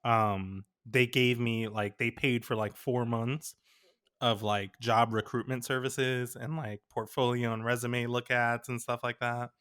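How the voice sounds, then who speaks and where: A man's voice: mid-range voice, little pitch movement, measured pace, fairly bright tone, clear, resonant tone. A young adult man, a podcast co-host, chatting casually and telling stories in a rambling way full of fillers. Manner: rambling, filler-heavy storytelling. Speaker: podcast co-host, graphic designer.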